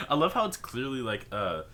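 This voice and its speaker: A man's voice: medium pitch, wildly swooping pitch, a little slow, sharp tone. A young man co-hosting a casual podcast, laid-back, laughing a lot and swearing loosely. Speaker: podcast co-host. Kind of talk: casual chat.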